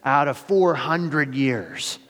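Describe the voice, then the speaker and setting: Male pastor, mid-pitched, dramatic sermon delivery with loud peaks and quiet asides, long hall echo. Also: sing-song, takes it slowly. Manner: dramatic, swings between loud emphasis and hushed asides.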